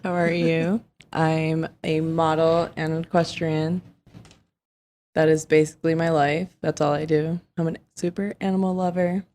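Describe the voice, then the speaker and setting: A woman's voice: sits low, little pitch movement, unhurried, darkish tone, slight background noise. A woman guest on a casual podcast, talking in a playful, laughing way.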